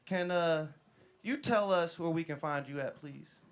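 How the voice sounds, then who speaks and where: A man's voice: on the high side, a little slow. A man in his thirties hosting a live interview, loose and joking, rambling with many fillers. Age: 30s. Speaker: host.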